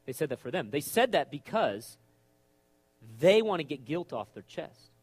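Middle-aged male pastor, emphatic preacher, high and lively voice. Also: moderate pace, slightly rough, no echo, soft background music. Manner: animated, emphatic, acts out quoted voices. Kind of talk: sermon.

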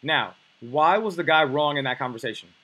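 A man's voice: a little high, a little fast, pushed and bright, breathy edge, poor audio. A man coaching on dating, teaching in a blunt, profane, emphatic way. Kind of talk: coaching lesson.

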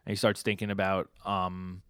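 A young man with a fairly low voice talks through a comic chapter on a podcast. He rambles loosely and keeps correcting himself. His voice sounds dry and close, with no room sound. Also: monotone, moderate pace, fairly bright tone, clean tone, no echo. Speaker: podcast co-host. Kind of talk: casual chat recapping comics.

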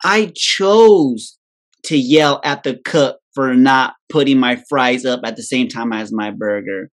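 A man's voice: medium pitch, slow. Man telling a story, keeps asking "right?". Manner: rambling, tags nearly every sentence with "right?"; swears freely and laughs at his own story. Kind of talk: casual storytelling chat.

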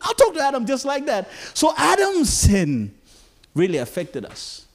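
Male preacher, high voice, dramatic swings from hushed to loud, stammering repeats. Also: huge pitch swings, measured pace, gravelly. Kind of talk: sermon.

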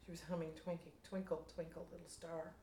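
Woman writer reads own story, low voice, echoey room off-mic. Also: little pitch movement, a little fast, dark tone. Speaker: writer reading her story. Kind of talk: reading her own fiction aloud. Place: room at a writers' group meeting. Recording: roomy room, distant mic, faint noise.

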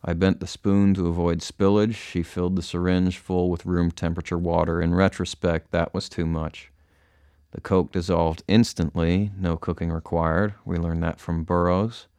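Deep, flat-voiced male narrator. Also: normal speed, smooth, no room sound, studio quality. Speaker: audiobook narrator. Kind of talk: scripted first-person narration.

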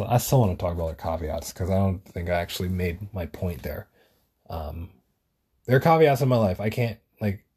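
A man with a deep, somewhat husky voice hosts his own podcast alone. He rambles loosely from one thought to the next, swears freely and pokes fun at himself. His tone stays dark and mellow rather than bright. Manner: rambling, swears a lot, self-deprecating. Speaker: solo podcast host. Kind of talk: casual rambling monologue.

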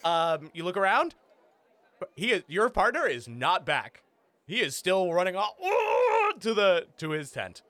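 Animated, high-voiced male game master. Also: a little slow, dry recording. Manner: animated, improvised, many fillers. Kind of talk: narrating a tabletop game.

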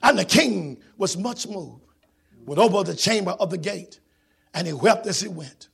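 A man preaching a sermon in a church, shouting in a sing-song preaching cadence with a raspy voice. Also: sits high, animated, normal speed.

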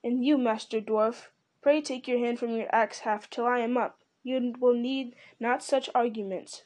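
A woman voicing a mysterious hooded old man who speaks softly and knowingly, unhurried and teasing. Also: a little high, steady tone, natural voice. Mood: calm.

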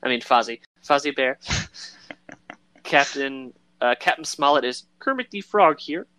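A man's voice: mid-range voice, expressive, a little slow, sharp tone, clear, resonant tone, dry recording. A man co-hosting a casual chat about a film, rambling with lots of fillers and acting out quoted lines in voices. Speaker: podcast co-host.

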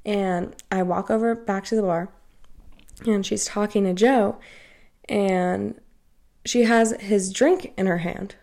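A woman's voice: mid-range voice, slow pace, gravelly, pauses often, a little mellow. Chatty young woman telling a story. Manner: chatty, heavy use of "like", acts out quoted dialogue. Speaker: podcast co-host. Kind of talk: casual chat storytelling.

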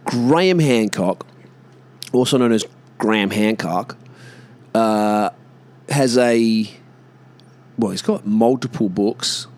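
A man's voice: medium pitch, slow, long pauses, a little mellow. A man ranting casually to camera, exasperated and swearing, spelling words out letter by letter.

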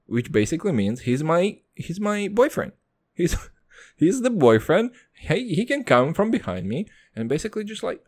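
A young man from Israel hosting a casual solo podcast, rambling and joking with constant swearing and sudden pitch jumps. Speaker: podcast host.

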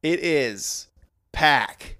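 A man's voice: fairly high pitch, lively intonation, extremely slow, bright, forceful tone. A man co-hosting a podcast in casual chat, joking and rambling as he lists upcoming matches. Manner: joking, rambling, trails off and restarts. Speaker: podcast co-host. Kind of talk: casual chat predicting wrestling results.

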